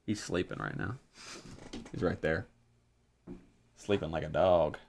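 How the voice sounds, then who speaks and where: A man's voice: low voice, measured pace, creaky, darkish tone, slight background noise. A man in his twenties chatting casually while streaming a game, rambling and swearing offhandedly. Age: 20s. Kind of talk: casual live-stream gaming chat.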